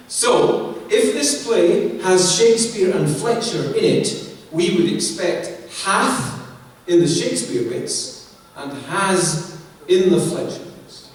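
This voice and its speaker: A man giving an academic lecture at a university, animated and asking himself questions before answering them. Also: high-pitched, slow, a little hiss or hum. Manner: animated, asks and answers his own questions. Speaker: visiting professor lecturing on authorship. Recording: roomy hall, distant mic, faint ambience.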